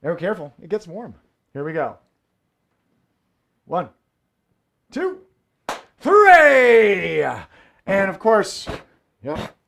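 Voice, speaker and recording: A man's voice: fairly high pitch, lively intonation, moderate pace. A man hosting a live variety show from a room at home, joking through his fire tricks. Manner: jokey, playful, theatrical asides. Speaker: host and fire performer.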